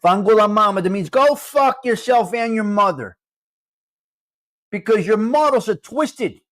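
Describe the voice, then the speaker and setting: A man's voice: sits high, sing-song, a little slow. A man hosting a casual live-stream chat, brash and mock-combative, swearing freely as he talks to viewers. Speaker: live show host.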